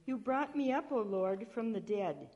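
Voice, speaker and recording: A woman reading scripture aloud at a church service, measured, with small slips and restarts. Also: mid-range voice, animated, muffled recording, heavy background noise. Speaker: lector.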